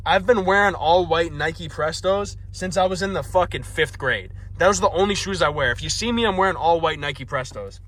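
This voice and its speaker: A man's voice: fairly high pitch, sharp tone. A young man vlogging, telling a comedic story in an exasperated, profane, self-mocking rant.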